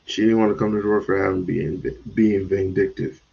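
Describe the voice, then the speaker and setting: A man's voice: sits low, fairly even intonation, a little fast, vocal fry, mellow, breathy edge, muffled recording. A man hosting a livestream, talking bluntly and in a drawl straight to his chat. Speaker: livestream host. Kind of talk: livestream commentary.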